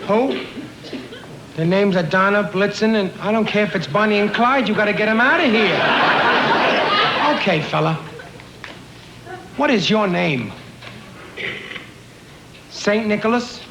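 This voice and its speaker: A man's voice: high-pitched, lively intonation, a little slow, pauses often, crowd noise. A man playing a bossy, sarcastic city traffic cop in a comedy sketch, barking orders at a driver. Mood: impatient. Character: gruff male city traffic cop, impatient. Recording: noisy, roomy old 1970s TV recording with audience.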